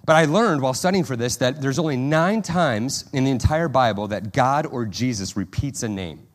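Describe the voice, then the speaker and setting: A man preaching a sermon in a loose, conversational way, sprinkling in asides and restarting his sentences. He acts out quotes with animated emphasis. His voice sits in a middle pitch. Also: normal speed. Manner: animated, acts out prayers and quotes in a higher, louder voice. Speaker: pastor.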